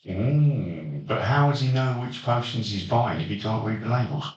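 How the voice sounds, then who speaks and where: A man's voice: lowish voice, lively intonation, moderate pace, darkish tone, dull audio. A man hosting a casual podcast chat, leading the discussion with dry, teasing remarks and frequent chuckles. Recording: roomy, distant mic.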